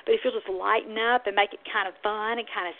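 A woman's voice: medium pitch, fairly even intonation, fast. A woman speech-language pathologist hosting an instructional podcast, explaining patiently and acting out toddler sounds now and then. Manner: warm, explanatory, models toddler sounds in a sing-song way. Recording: phone-like narrow audio.

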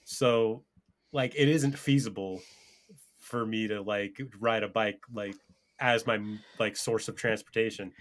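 A man's voice: lowish voice, steady tone, measured pace. A man co-hosting a podcast, arguing casually and profanely, often laughing mid-rant. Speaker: podcast co-host. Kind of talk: casual heated banter.

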